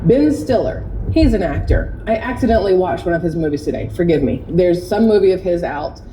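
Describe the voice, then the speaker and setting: A woman's voice: on the low side, expressive, a little fast, dark tone, slight background noise, rough recording. A woman hosting an opinion commentary vlog, talking in a chatty, sarcastic and indignant way. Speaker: commentary host.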